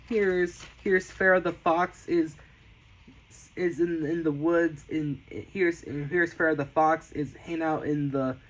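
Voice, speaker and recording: A man giving a casual tour of his sketchbooks, enthusiastic, often repeating and restarting, with sudden excited squeals. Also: on the high side, slow pace, poor audio. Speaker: artist showing his sketchbooks.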